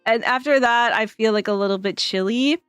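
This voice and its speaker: A woman's voice: on the high side, normal speed, fairly bright tone, smooth, no echo, studio quality, faint music behind. Giggly, rambling woman streamer. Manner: giggly, rambling, chatty with many fillers. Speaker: live streamer. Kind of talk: casual live-stream chat.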